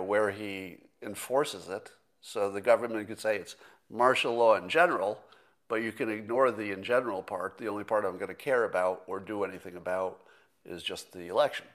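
A man's voice: lowish voice, a bit bright. Rambling middle-aged man thinking aloud. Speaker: host. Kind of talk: casual solo livestream commentary.

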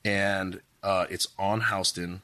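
A man from Hawaii, a podcast guest in casual chat, talking with halting restarts and fillers. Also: low voice, level tone, bright, forceful tone.

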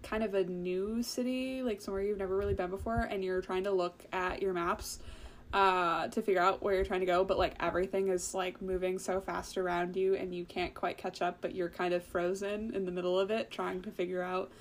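Easygoing woman co-host, mid-pitched, rambles and laughs easily; faint noise behind her. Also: level tone, fairly quick. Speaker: podcast co-host. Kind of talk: casual chat.

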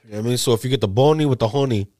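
A man co-hosting a podcast in loose banter. He gets excitable, throws in jokes and plenty of swearing. His voice sits at a middle pitch, captured on a close mic in a bone-dry room. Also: very fast, dry recording. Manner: excitable, profane, jokey banter. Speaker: podcast co-host. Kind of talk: casual chat.

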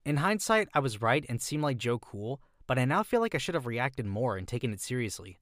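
A man's voice: medium pitch, sing-song, fairly quick, fairly bright tone, no room sound. A man reading out online posts in a dry, matter-of-fact way and adding his own comments.

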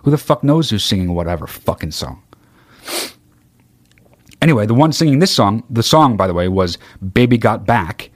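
A man's voice: on the low side, expressive, moderate pace, long pauses, no room sound. A man hosting a podcast in a rambling, sarcastic comedic monologue, swearing constantly. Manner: sings mock-solemn snatches of songs. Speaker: podcast host.

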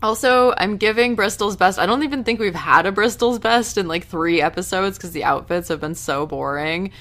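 A woman casually recapping a TV episode in a chatty, animated way, now and then breaking into loud outrage. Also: medium pitch, moderate pace. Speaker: TV recap host.

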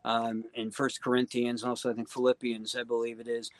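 A man guesting on a casual podcast interview, talking earnestly and warmly, with lots of "you know" and "um". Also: mid-range voice, completely flat delivery, brisk. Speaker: guest singer-songwriter.

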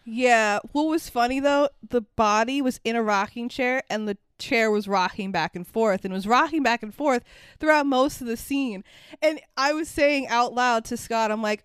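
A young adult woman, a podcast co-host with a slightly high, smooth voice at a moderate pace, chats casually about a movie in studio-quality audio with no room sound. She's animated and sarcastic, swears freely, and acts out quotes in this casual movie review chat.

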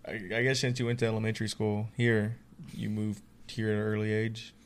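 A man's voice: on the low side, little pitch movement, brisk, smooth. Young man casually questioning a friend. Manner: teasing, questioning, casual slang. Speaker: podcast host. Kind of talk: casual interview chat.

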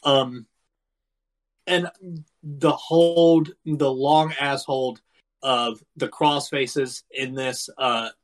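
A man in his thirties, co-hosting a casual podcast, recounting a wrestling match in an animated, profane, storytelling way. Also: medium pitch, very slow. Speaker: podcast co-host. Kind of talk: casual wrestling review chat.

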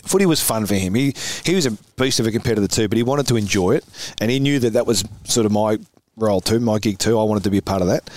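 A man with an Australian accent, a podcast guest telling lively anecdotes and laughing often. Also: mid-range voice, dry recording. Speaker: podcast guest, former footballer. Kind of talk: animated storytelling chat.

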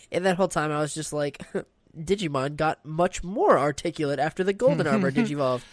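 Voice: medium pitch, lively intonation, a little fast, no echo. Playful person in a dry recording. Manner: playful, jokey, slips into silly voices. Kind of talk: casual chat.

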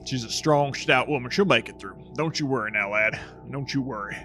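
A man's voice: mid-range voice, fairly quick, fairly bright tone, faint music behind, close to an everyday voice. A man voicing a folksy, stern dwarf father with a drawl.

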